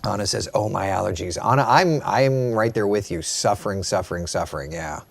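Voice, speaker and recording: A meteorologist hosting a casual live morning chat, reading viewer comments aloud and answering them. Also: male voice, lowish voice, brisk, creaky. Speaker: meteorologist host.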